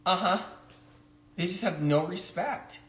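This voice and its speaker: A man's voice: high voice, unhurried. A man voicing a frantic new mother of newborn twins in a comedic phone sketch, tearful and indignant as she complains and pleads. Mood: weary. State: tearful, near crying. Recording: roomy echo.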